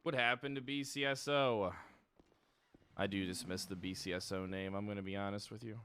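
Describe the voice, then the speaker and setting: A man's voice: on the low side, fairly even intonation, fairly quick, a bit bright, slight background noise. A young man streaming a police role-play game, chatting casually to his viewers and rambling with plenty of swearing and laughter. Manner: rambling, profane, laughs often.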